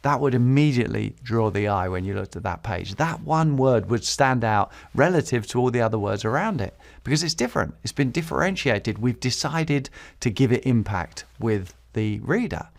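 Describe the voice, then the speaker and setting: A man's voice: mid-range voice, animated, moderate pace, gravelly, hardly any pauses. A man hosting a podcast and teaching public speaking, repeating key phrases for emphasis and chuckling between points. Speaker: podcast host.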